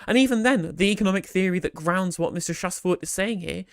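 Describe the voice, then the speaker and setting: A stream host commenting live in a loose, rambling way, doubling back mid-sentence and slipping in sarcastic jabs. The voice sits at a middle pitch. It is recorded close on a mic with a dry, roomless sound. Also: quick pace, hardly any pauses, no echo. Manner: rambling, animated, full of restarts and sarcasm.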